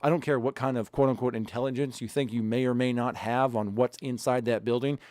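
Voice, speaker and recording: A man's voice: mid-range voice, fairly even intonation, brisk, darkish tone, no room sound, studio quality. Profane, fired-up male podcast co-host. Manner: profane, angry, emphatic. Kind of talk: heated casual podcast rant.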